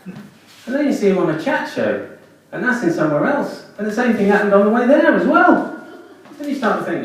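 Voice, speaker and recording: A man doing a stand-up comedy set at a small comedy club, with animated storytelling and deadpan asides. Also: high-pitched, fairly quick, slight background noise. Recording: echoey club room, distant mic.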